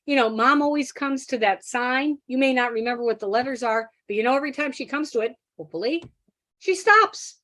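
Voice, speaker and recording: A middle-aged woman, a teacher of deaf children, giving a workshop talk and telling a classroom story with animated acted-out quotes. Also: fairly high pitch, quick pace, hardly any pauses.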